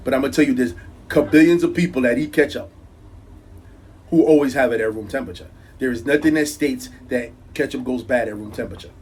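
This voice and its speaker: A man with a thick New York accent tells a comic story about home life. He is chatty and jokey and rambles a little. His voice sits at a middle pitch, with a faint hiss behind it. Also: fast, a little mellow, rough recording. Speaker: vlogger.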